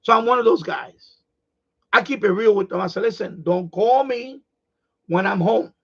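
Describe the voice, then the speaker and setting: A middle-aged man hosting a live stream, ranting in a blunt, profane, animated way in casual chat. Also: sits high, moderate pace, breathy edge, lo-fi sound.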